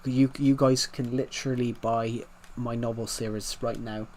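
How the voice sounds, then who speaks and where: A man's voice: medium pitch, level tone, moderate pace, darkish tone, a little hiss or hum. A man hosting a casual game livestream, rambling and chatting directly to his viewers. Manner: rambling, chatty, talking to chat. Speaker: game streamer.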